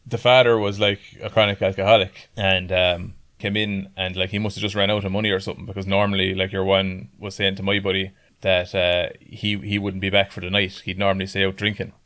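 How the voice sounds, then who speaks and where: A man's voice: deep voice, flat delivery, fairly quick, few pauses, a bit bright. An Irish man telling a rambling story in casual chat, swearing often and laughing along as he goes. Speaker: podcast guest.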